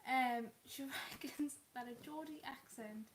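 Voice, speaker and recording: A woman co-hosting a casual live chat from home, chatty and quick with interjections. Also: sits high, rough recording. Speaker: co-host. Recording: faint background noise.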